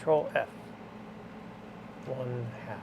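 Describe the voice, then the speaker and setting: A man's voice: mid-range voice, slow pace, gravelly, very noisy. A man vlogging from a guitar shop, talking casually and rambling with muttered asides. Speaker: vlogger restoring tools. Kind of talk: casual talk to camera while working.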